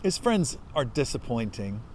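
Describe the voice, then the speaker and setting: Man, pastor, casual storytelling sermon, mid-pitched voice, faint traffic noise behind. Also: very animated, moderate pace. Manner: conversational storytelling with loud impassioned outbursts.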